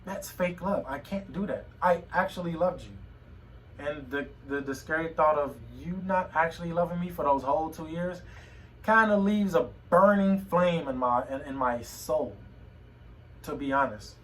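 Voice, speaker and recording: A young man talking to a phone camera at home in a personal vlog, emotional and halting, often repeating his words. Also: a little high, distant mic, slight background noise, low-quality recording. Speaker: vlogger. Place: home room.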